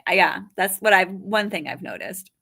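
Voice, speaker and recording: A woman in her forties from Western New York, talking as a comedian guest on a live interview show. Her voice is bright and sharp, and her delivery is chatty and animated, always reaching for the joke. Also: medium pitch, moderate pace, creaky, slightly rough. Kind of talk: casual interview chat.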